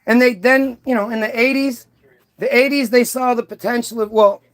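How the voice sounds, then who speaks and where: A man's voice: very high voice, steady tone, normal speed. A man hosting a profane, rambling rant monologue, full of restarts and swearing. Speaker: host.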